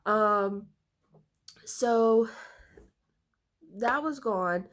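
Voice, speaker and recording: Slow, rambling woman telling a storytime. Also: medium pitch. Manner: rambling with many fillers and nervous laughs. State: slightly congested, recovering from a cold. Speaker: storytime vlogger. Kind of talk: casual storytime chat.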